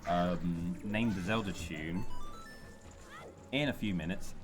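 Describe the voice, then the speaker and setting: A man with a British accent, co-hosting a charity gaming stream in casual, laughing chat. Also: low-pitched. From United Kingdom. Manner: chatty, laughs often, quick self-corrections. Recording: music playing underneath.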